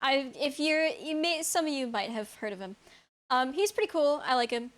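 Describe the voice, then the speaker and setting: A young woman with a high, light voice chats live with her stream audience. She rambles from thought to thought, blunt and unfiltered, swearing freely and breaking into laughs. It is loose, off-the-cuff talk aimed at her chat. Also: lively intonation, moderate pace, fairly bright tone. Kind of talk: casual stream chat, answering chat.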